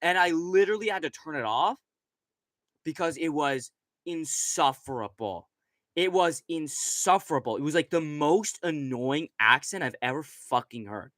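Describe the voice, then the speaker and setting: A young man runs a relaxed late-night stream at his computer, speaking into a desk microphone placed right in front. His voice is on the high side, animated yet unhurried, with a fairly bright tone and no room reverb, as he rambles, swears and leans heavily on fillers.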